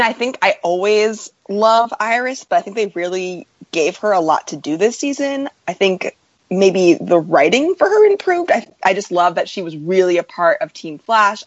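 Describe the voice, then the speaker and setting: A woman co-hosting a casual podcast, talking in a relaxed, easygoing way. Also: on the low side, no echo, highs cut off. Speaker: podcast co-host.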